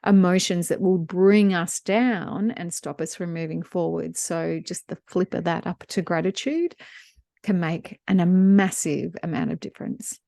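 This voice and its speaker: A woman co-hosts a business podcast. Her voice sits low and sounds close and dry. She tells personal stories with animation. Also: unhurried, gravelly, dry recording. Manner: warm storyteller, animated when retelling scenes. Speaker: podcast co-host. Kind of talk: casual business podcast chat, storytelling.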